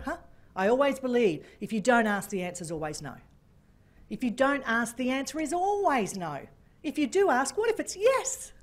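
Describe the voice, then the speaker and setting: A woman giving a keynote talk, telling a story with lively, animated delivery and acting out phone calls. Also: fairly high pitch. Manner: animated, acts out phone calls in different voices. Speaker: keynote speaker. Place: function room.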